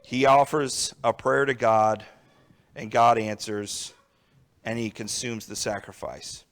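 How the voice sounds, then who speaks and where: A man's voice: mid-range voice, steady tone, slow. A young adult man preaching a sermon in a conversational way, often checking in with his listeners. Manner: conversational preaching with frequent "all right" and "right?".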